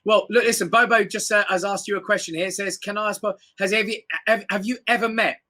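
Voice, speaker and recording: A male chat show host with a high, bright, sharp voice. He talks casually and warmly encourages his guests, then moves straight into introducing the next act. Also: fairly even intonation, fast talker. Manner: upbeat, encouraging, introduces acts.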